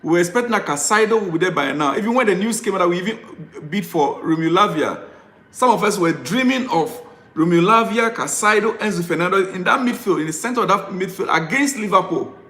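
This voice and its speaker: Man, high voice, exasperated live-stream rant, repetitive pleading, roomy echo. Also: animated, brisk, fairly bright tone. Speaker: football fan vlogger.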